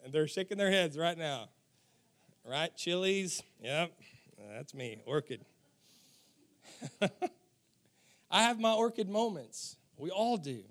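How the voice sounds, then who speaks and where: A man in his forties with a high voice delivers a sermon. He tells stories from his own life with frequent chuckles and turns to speak directly to his listeners. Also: expressive, slow pace, pauses often. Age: 40s. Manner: chuckling storyteller, talks straight to the audience. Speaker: pastor. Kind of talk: sermon with humorous personal stories.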